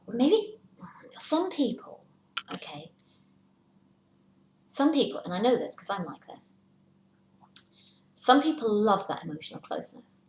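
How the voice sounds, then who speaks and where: A woman's voice: mid-range voice, gravelly, a little mellow. A woman giving a casual tarot reading, chatty, sometimes dropping into a whisper to act out worries. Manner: chatty, acts out worried inner voices in whispers. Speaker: tarot reader. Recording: echoey room, faint hiss.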